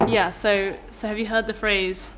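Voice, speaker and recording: A woman's voice: mid-range voice, little pitch movement, unhurried, background noise. Giggly woman with a posh English accent. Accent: Southern English, near received pronunciation. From England. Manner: giggly, encouraging. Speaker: accent coach guest. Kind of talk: casual chat, coaching pronunciation.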